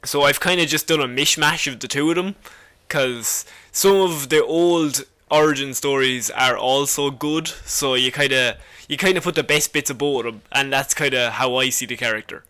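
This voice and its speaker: A man's voice: medium pitch, normal speed, pushed and bright. A man co-hosting a podcast, explaining a comic villain's history in a casual, jokey way and laughing often. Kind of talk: casual chat.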